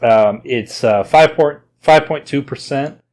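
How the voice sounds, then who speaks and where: A man's voice: medium pitch, slow pace, darkish tone. A man with a slight Oklahoma twang hosting a podcast in easygoing, rambling casual chat. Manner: rambling, easygoing, many fillers. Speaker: podcast host.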